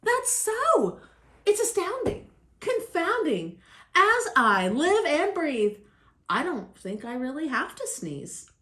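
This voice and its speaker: An older woman reads as a big, fretful storybook elephant who frets in sing-song rhymes, his lines unhurried and full of fuss. The voice sits high, and the room around it echoes. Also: very animated, pushed and bright, heavily acted. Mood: amazed. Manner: sing-song rhyming, dramatic. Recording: roomy echo.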